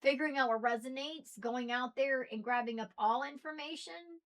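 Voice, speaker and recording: A high-pitched woman with a mixed Southern and Northern American accent delivers a preachy rant to camera. Her volume lurches from near-shouted outbursts to quiet, dropped asides. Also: normal speed. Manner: ranting, preachy, swings between loud and soft. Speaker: spiritual video host. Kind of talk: impassioned monologue.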